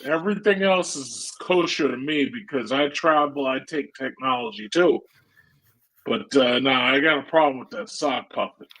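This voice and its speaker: A man's voice: a little high, a bit bright. Blunt, profane man reacting on stream. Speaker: stream host. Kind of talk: casual reaction commentary.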